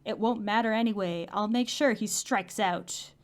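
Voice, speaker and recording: A woman's voice: medium pitch, moderate pace, close to an everyday voice. A woman voicing a boastful male cartoon duck villain in a taunting, theatrical manner.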